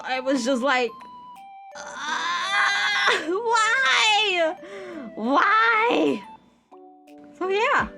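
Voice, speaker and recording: A woman livestreaming from her computer chair, ranting in a dramatic, whiny way with exaggerated wails. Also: on the high side. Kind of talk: live-stream rant. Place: home computer setup.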